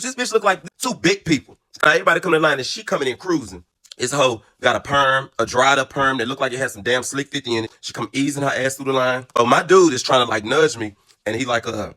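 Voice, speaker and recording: A man in his thirties telling a story in a casual, animated way, brassy, profane and dramatic, then calmer and reflective. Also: mid-range voice. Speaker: storyteller vlogger.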